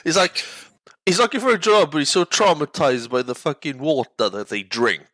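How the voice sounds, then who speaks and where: A man hosting a casual podcast chat, retelling scenes in an animated way, acting out lines and laughing often. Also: fairly high pitch, moderate pace, dry recording, low-quality recording. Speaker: podcast host.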